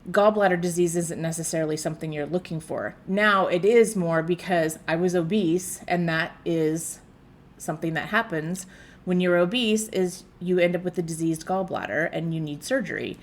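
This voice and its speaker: A conversational woman in her thirties from the United States, talking through a reaction video in a relaxed, rambling way. Her voice sits fairly low and is full of little fillers. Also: moderate pace. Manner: chatty, conversational with frequent fillers. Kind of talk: casual commentary.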